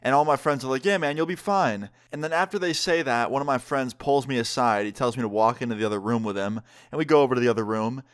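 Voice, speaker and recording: A man's voice: medium pitch, fast, hardly any pauses. A young man casually telling a story to camera, with lots of "like" and swearing. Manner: animated, profane, heavy use of "like". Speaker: vlogger.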